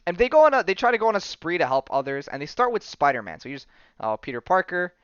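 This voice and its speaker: A man hosting a podcast, casually recapping a comic book story with plenty of fillers and quick acted-out character lines. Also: high voice, sing-song, a bit bright, clean tone, no room sound, dull audio. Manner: rambling storytelling with many fillers, briefly acting out characters' lines. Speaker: podcast host.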